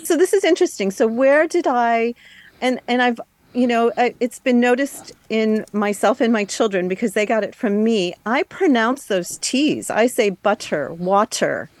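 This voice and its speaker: A woman's voice: on the high side, normal speed, no room sound. A woman with a mid-range voice co-hosts a radio talk show on a dry studio mic. She asks questions and restarts her sentences often.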